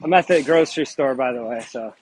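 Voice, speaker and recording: A man's voice: mid-range voice, a little fast, poor audio. A man calling into a livestream from a grocery store, chatting in an easygoing, agreeable way. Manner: easygoing, agreeable, many yeahs. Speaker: guest caller. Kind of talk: casual chat.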